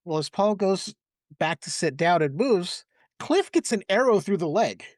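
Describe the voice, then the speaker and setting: A man's voice: sits high, expressive, normal speed, no room sound, clean studio sound. A man on a podcast retelling movie scenes in a casual chat, acting out quotes and laughing often. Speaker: podcast host.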